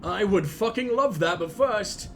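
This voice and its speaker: A man rambling excitably through gameplay commentary, swearing freely. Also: high voice, measured pace, a crowd in the background. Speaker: let's play host.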